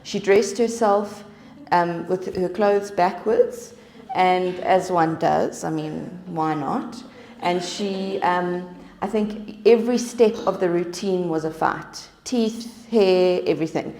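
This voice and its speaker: A woman's voice: lowish voice, takes it slowly, a little mellow. A woman, giving an informal talk to an audience at a wellness event, chatty and acting out the voices she quotes. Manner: chatty, acts out quoted voices, laughs at herself. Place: event room. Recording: roomy echo.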